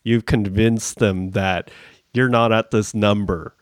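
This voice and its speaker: Male podcast host, low voice, relaxed conversational, dry sound. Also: takes it slowly, no room sound. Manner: relaxed, laughs often, repeats words when starting. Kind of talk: casual chat.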